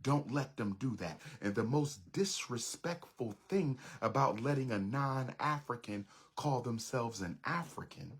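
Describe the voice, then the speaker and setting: Husky, emphatic middle-aged man lecturing. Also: medium pitch, lively intonation, measured pace, few pauses. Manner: emphatic, repetitive preaching cadence. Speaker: public speaker. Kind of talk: impassioned lecture.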